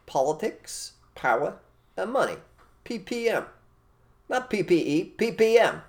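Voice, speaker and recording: A man co-hosting an opinionated casual chat, blunt and animated, repeating his phrases for emphasis. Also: sits high, a little slow. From United States. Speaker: co-host.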